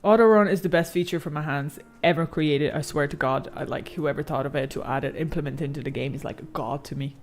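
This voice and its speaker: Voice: medium pitch, fast talker, few pauses. A game streamer chatting casually while playing, slangy and profane, reading chat aloud and rambling with many fillers.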